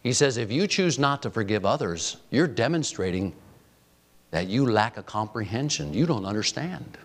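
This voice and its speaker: A male pastor delivering a sermon, firing off rhetorical questions and swinging between loud emphasis and quiet, soft lines. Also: fairly low pitch, expressive, normal speed.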